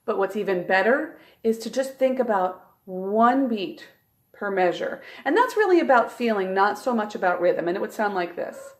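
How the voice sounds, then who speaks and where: A woman flute teacher giving a calm, clear and encouraging instructional tutorial. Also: mid-range voice, normal speed.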